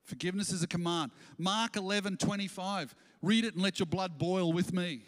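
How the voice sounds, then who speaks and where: Animated preacher in a reverberant church. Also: male voice, high-pitched, fairly quick, hardly any pauses. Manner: animated preaching, acting out quotes in voices. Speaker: pastor. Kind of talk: sermon. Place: church auditorium.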